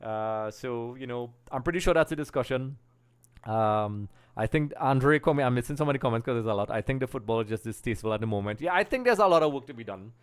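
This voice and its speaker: A man's voice: mid-range voice, animated, fast, clean tone. A man from Trinidad and Tobago hosting a live football watch-along, chatting casually, greeting viewers and reading out their comments. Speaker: live stream host.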